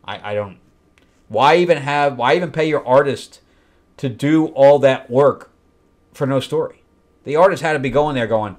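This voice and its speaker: Brief: male host critiquing a comic, blunt and exasperated, mocking the story in quick asides. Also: medium pitch. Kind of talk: comic book review.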